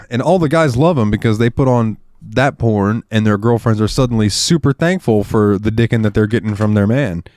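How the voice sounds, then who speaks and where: A man's voice: on the low side, normal speed, darkish tone, dry recording, studio quality. A man telling rambling, crude stories while chatting over drinks on a podcast. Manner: rambling storyteller, crude humor. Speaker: podcast guest or co-host. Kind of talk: casual chat over drinks.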